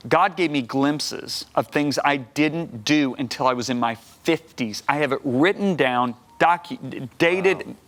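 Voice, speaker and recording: His voice is fairly high and a bit bright, his delivery a little slow with few pauses. He's a guest minister in his sixties on a TV talk set, energetically recounting his testimony and impersonating the people in his story.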